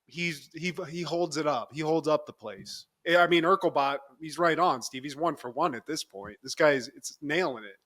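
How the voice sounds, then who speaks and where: Cheerful and animated, a young co-host with a bright, high voice walks his partner through a TV episode in casual podcast chat. He keeps laughing, acting out quotes and slipping into quick impressions of the characters.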